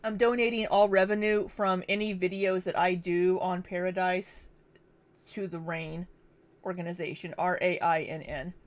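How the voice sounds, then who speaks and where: A woman's voice: lowish voice, steady tone, moderate pace. A tired woman hosting a livestream, rambling and self-deprecating, hiccuping after hours of streaming. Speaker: livestream host. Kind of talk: casual livestream chat.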